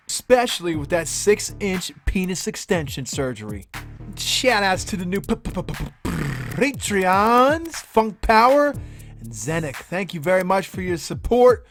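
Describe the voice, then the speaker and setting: A man's voice: high voice, a bit bright. A man hosting a comedic news show, delivering crude jokes in a sarcastic, mock-serious way. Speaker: host.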